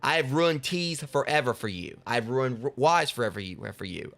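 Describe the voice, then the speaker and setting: A man's voice: mid-range voice, lively intonation, moderate pace, a bit bright. A male live streamer chatting casually with his viewers in a rambling, joking way.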